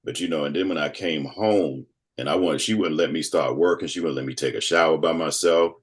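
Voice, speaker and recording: Deep deep voiced guy in his 50s telling his story all animated, does little voices for people. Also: normal speed. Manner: animated storyteller who acts out quoted voices. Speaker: guest. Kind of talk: casual storytelling conversation.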